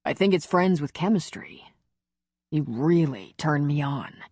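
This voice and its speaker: A woman reading the part of a gentle, confident man in an audiobook romance, speaking in a low, reassuring murmur. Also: animated, a little slow, no room sound, clean studio sound. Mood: tender. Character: tender confident adult man, a lover.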